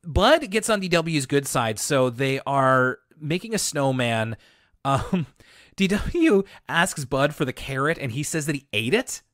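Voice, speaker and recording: A man's voice: a little high, lively intonation, measured pace, a bit bright, no echo, studio quality. A man co-hosting a podcast, recapping a cartoon episode in a casual, wry way with lots of filler words. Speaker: podcast co-host.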